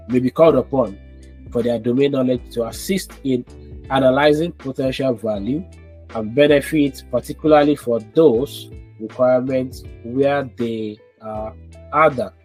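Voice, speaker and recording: A man teaching business analysis in a live online class over a video call, calling students by name and coaxing them to speak. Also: medium pitch. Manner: coaxing, repeats names and prompts.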